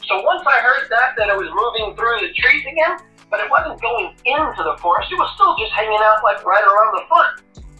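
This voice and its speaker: Animated retired Navy corpsman telling a story. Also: extremely high pitch, brisk, echoey room, far from the mic, lo-fi sound, faint music behind. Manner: animated, profane storyteller who laughs at himself. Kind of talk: casual interview storytelling.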